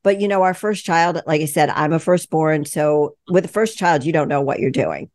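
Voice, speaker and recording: A woman's voice: low voice, lively intonation, moderate pace, a little mellow, no echo. A woman in her sixties chatting casually as a podcast host, reassuring and laughing often. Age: 60s. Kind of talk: casual chat.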